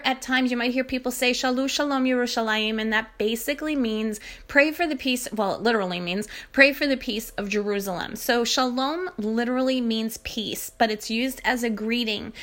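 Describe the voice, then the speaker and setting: A woman giving a casual spoken language lesson. She explains patiently and says the example phrases slowly and carefully. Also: a little high, a bit bright. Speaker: language teacher.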